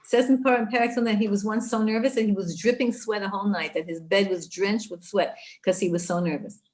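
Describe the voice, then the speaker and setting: Woman Torah teacher, middle-aged, animated, talks right to her listeners, mid pitch. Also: fast talker. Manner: animated, speaks to listeners directly. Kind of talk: live online Torah class.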